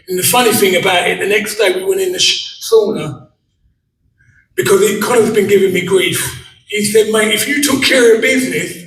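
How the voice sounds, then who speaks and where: A man's voice: high-pitched, fairly bright tone, a little hiss or hum. A man, father of a fighter, telling jokey stories at a press conference and acting out what others said. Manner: jokey, storytelling, acts out quotes. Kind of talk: animated press conference talk. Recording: echoey room from far off with faint ambience.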